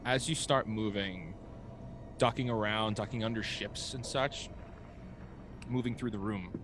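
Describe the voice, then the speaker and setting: A man's voice: lowish voice, unhurried, music in the background. A man running a tabletop game as game master, narrating loosely with frequent laughs and fillers.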